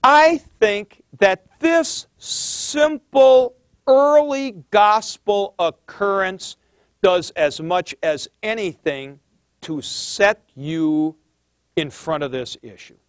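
A man's voice: high-pitched, dry recording, clean studio sound. A middle-aged man teaching a theology class in a conversational lecture, thinking aloud and stressing key points.

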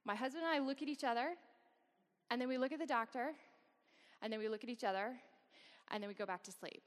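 A woman's voice: on the high side, quick pace. A woman guest speaker at a campus worship service, telling a personal story candidly with wry, self-deprecating humor. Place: large worship hall. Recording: long reverb of a large hall.

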